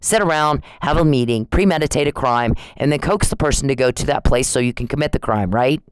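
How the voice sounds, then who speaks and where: A man's voice: mid-range voice, expressive, fairly quick, smooth, dry recording, low-quality recording. Man ranting accusingly, dry sound. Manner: confrontational, accusing, repeating taunts and challenges. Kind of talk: angry accusatory rant addressed to camera. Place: at home.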